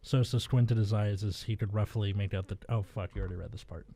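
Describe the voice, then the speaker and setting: A man's voice: fairly low pitch, fairly even intonation, warm tone. Man reading aloud with stumbles. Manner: reads haltingly, stumbles and swears at slips. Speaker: podcast host reading a story aloud. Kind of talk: casual comedic chat and reading.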